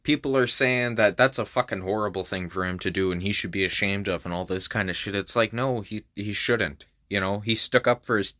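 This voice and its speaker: Bright-voiced man ranting with heavy swearing. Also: on the low side, brisk, hardly any pauses, no room sound, clean studio sound. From Canada. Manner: heavy swearing, fired-up and frustrated. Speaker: vlogger. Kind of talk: casual opinion rant.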